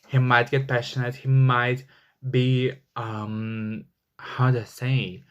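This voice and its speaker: A man's voice: medium pitch, little pitch movement, takes it slowly, fairly bright tone, clean tone, lo-fi sound. A man giving a casual tarot reading, rambling with many fillers and flaring into angry swearing. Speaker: tarot reader.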